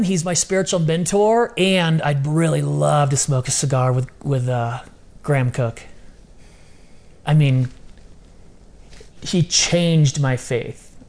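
A middle-aged man talking as a podcast guest in casual interview chat, animated and repeating phrases for emphasis. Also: medium pitch. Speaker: podcast guest, ministry founder.

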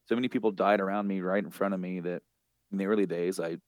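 Man retelling a remorseful villain, low voice, quiet, dry sound. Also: steady tone, quick pace, no room sound, close to an everyday voice. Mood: regretful. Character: remorseful grown man villain begging for death.

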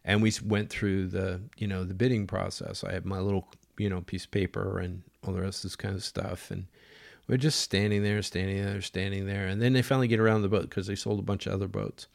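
A man's voice: low-pitched, level tone, a little fast, vocal fry. A middle-aged man telling a story in a rambling, conversational way, full of fillers and acted-out quotes. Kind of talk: casual spoken storytelling.

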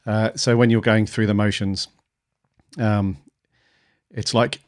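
A man's voice: fairly low pitch, normal speed, no room sound, clean studio sound. A man co-hosting a podcast in casual chat, musing aloud with many fillers. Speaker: podcast co-host.

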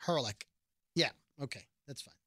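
A man co-hosting a podcast and recapping a TV episode in casual chat, animated and quick to slip into character voices when he quotes. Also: mid-range voice, no echo, clean studio sound.

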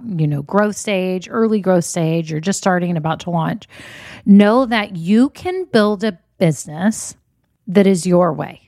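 A woman's voice: medium pitch, darkish tone, dry recording, studio quality. A woman, hosting a podcast in an upbeat, chatty, encouraging way. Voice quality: slightly scratchy voice. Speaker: podcast host. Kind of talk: casual podcast chat.

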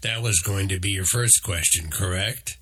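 A man voicing a small, knowing male meerkat guide who talks in a calm, matter-of-fact way. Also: deep voice, normal speed, slightly rough, exaggerated voice.

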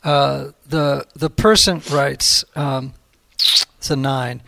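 A man's voice: mid-range voice, fairly even intonation, drawn-out words, creaky, pushed and bright. A man hosting a conversational podcast, encouraging and exclamatory, prone to laughing.

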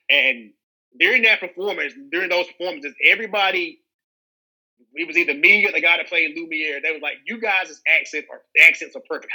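Young southern guy, actor, rambly chat with lots of restarts, real bright sharp voice, kinda high. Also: low-quality recording. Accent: Southern American. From American South. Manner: rambling, many restarts and fillers. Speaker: actor guest. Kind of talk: casual interview chat.

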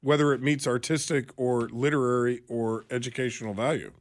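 A man co-hosting a radio show, reading news items and reacting with incredulous, animated banter. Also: mid-range voice, fairly quick.

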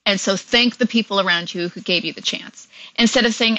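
Bright-voiced chatty actress, dry sound. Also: female voice, mid-range voice, brisk, no room sound, dull audio. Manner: chatty, many fillers, laughs often. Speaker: actress guest. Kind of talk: casual interview chat.

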